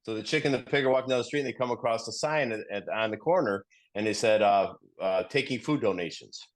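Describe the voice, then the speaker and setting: A man's voice: on the low side, fast. A middle-aged man sharing earnestly in a recovery study group, often repeating himself and restarting sentences as he tells a story.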